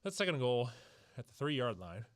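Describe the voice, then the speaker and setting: A man's voice: medium pitch, normal speed, dry recording, studio quality. Winded man calling a game casually. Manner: relaxed, sighs between plays. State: out of breath. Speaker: stream host. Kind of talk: casual live fan play-by-play. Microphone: headset.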